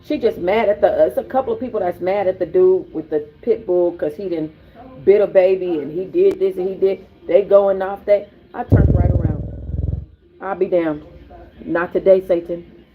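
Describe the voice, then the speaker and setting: A woman host telling a personal story in casual, animated, profane slang. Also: lowish voice, moderate pace, a little hiss or hum. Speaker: podcast host. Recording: tinny phone-like audio.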